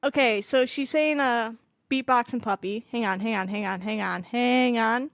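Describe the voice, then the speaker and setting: A woman hosting a casual reaction video, excitable and thinking aloud as she talks to her viewers. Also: on the high side, moderate pace, creaky, no room sound, clean studio sound. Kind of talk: casual chat.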